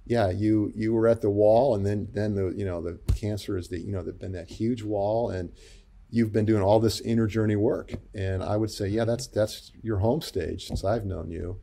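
A man who is a pastor and psychologist, speaking as a guest in a gentle, reflective way with many pauses and fillers. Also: fairly low pitch, fairly even intonation, gravelly. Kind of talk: interview conversation.

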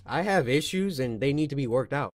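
A man in his twenties doing loud, joking let's play commentary, his voice cracking into high squeaks. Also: animated, a little fast, heavy background noise. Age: 20s. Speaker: gaming YouTuber. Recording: game music playing under the voice.

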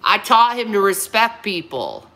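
A woman's voice: medium pitch, huge pitch swings, unhurried, sharp tone. A woman in her thirties hosting a livestream, answering her critics in a heated, confrontational rant and often repeating herself. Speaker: livestream host.

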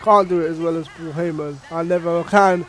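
A young man from Ireland casually commentating a wrestling video game, excitable and swearing, with bursts of mock ring announcing. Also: fairly high pitch, brisk, faint music behind. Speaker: gaming commentator.

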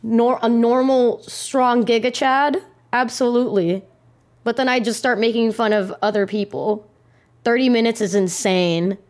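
A young woman streamer chatting casually to her viewers, giggly and excitable, and she swears freely. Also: on the high side, measured pace. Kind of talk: casual live-stream chat.

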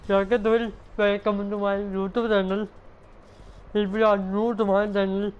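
A man streaming a game, talking in halting, repetitive English mixed with Hindi. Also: sits high, flat delivery, clear, resonant tone, muffled recording, faint music behind. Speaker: gaming streamer. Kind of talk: casual live-stream chat.

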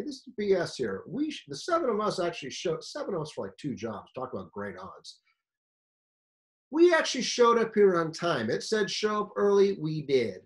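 A man from the United States giving a fire service career seminar, telling a story in an animated, emphatic, conversational way. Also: a little high, rough recording.

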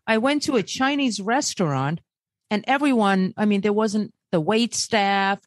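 A woman hosting a podcast, telling personal stories in a lively, chatty way and quick to react. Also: mid-range voice, no room sound, clean studio sound. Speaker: podcast host. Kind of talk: casual chat.

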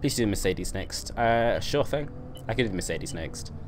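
A man's voice: fairly low pitch, expressive, moderate pace, background noise. A young man chatting on a live stream while playing a game, reading and answering his chat and laughing often.

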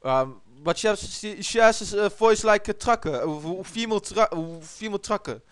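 A man's voice: sits high, lively intonation, moderate pace, smooth, dry recording. A man with a Dutch accent giving crude, joking commentary while playing a video game, swearing often. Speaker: let's play commentator. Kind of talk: casual gameplay commentary.

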